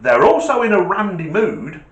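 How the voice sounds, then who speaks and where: A middle-aged man telling a comic anecdote in an animated, self-mocking way. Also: high-pitched, moderate pace. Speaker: storyteller, test driver. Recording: roomy echo.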